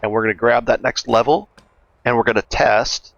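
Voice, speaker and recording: A man casually narrating a gameplay walkthrough as a gaming guide host, relaxed and chatty, thinking aloud with fillers. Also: mid-range voice, moderate pace, creaky, no room sound, muffled recording.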